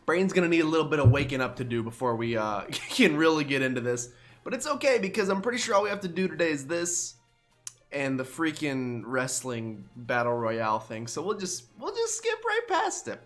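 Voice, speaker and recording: A man's voice: medium pitch, expressive, a little fast, soft background music. A young man hosting a game let's play, chatting in a rambling, self-deprecating way while groggy from just waking up. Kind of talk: casual gameplay commentary.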